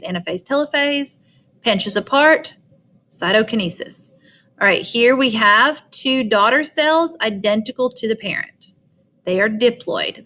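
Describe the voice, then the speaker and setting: A woman's voice: medium pitch, pushed and bright. Southern-accented woman teaching biology. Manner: chatty, explains step by step with frequent "all right" and "okay". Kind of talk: recorded biology lecture.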